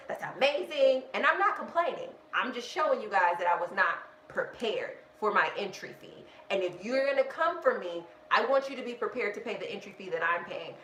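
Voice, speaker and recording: A woman hosting a live budgeting stream, talking in a casual, animated rant and often restarting with "like.". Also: mid-range voice. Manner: animated, self-interrupting, heavy use of "like". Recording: echoey room with faint background noise.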